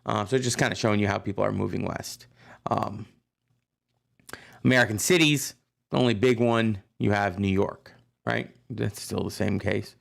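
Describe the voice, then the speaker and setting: A gravelly-voiced man, giving a relaxed classroom history lecture. He talks loosely and keeps checking in with his listeners. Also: on the low side, moderate pace. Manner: chatty, loose, checks in with "right?". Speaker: history teacher.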